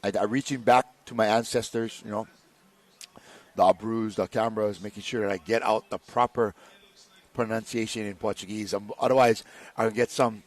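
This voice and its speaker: A man's voice: lowish voice, steady tone, normal speed. A man co-commentating a live canoe race, laid-back and joking.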